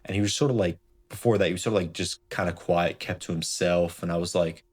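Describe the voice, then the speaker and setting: A man's voice: low-pitched, fairly even intonation, fast, slightly rough. A young man telling a casual story from his childhood, rambling and padding his talk with "like" and "right?". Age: young adult. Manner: rambling, heavy on fillers like "like" and "right?". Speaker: storytime vlogger.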